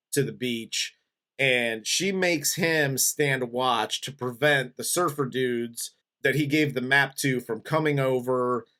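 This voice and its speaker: A man's voice: medium pitch, a bit bright. A man co-hosting a casual movie review, laid-back, recapping the plot and laughing easily. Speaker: film review podcast co-host.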